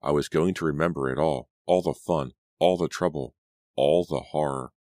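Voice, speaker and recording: Man, audiobook narrator, first-person storytelling, measured, very low voice, dry close sound. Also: a little mellow, no room sound.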